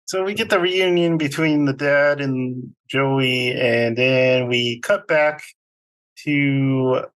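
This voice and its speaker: A man's voice: mid-range voice, slow, fairly bright tone. A man co-hosting a movie review podcast, recapping the plot in a rambling, casual way with frequent fillers. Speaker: podcast co-host.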